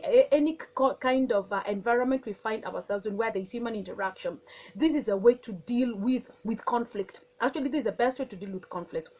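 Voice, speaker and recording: A woman talks through wellness advice in a calm, earnest, explanatory way. Her voice sits somewhat high. The sound is dull and lo-fi, like an older TV recording. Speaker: wellness speaker. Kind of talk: teaching talk on managing emotions.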